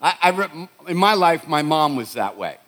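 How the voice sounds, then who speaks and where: Storytelling pastor with a Boston accent. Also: male voice, a little high, big pitch swings, moderate pace, a bit bright. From Boston, USA. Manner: conversational storytelling with repeated restarts. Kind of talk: sermon.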